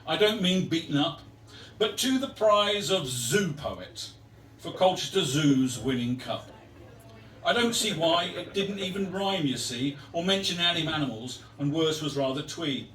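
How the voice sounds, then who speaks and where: A man with a fairly high voice reads his own poems to a live crowd, wry and self-mocking. He sounds a little far from the mic in an echoey room, with a faint room murmur behind him. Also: lively intonation, measured pace, fairly bright tone, a little hiss or hum. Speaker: performance poet. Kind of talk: live poetry reading with banter. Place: live venue with audience.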